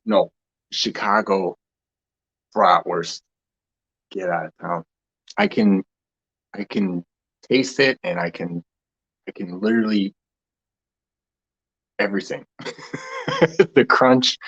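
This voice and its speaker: A man's voice: on the low side, fairly bright tone. Rambling man in a dull lo-fi recording. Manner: loose and meandering, laughs often, trails off. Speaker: host of a spiritual talk session. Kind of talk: casual rambling spiritual chat.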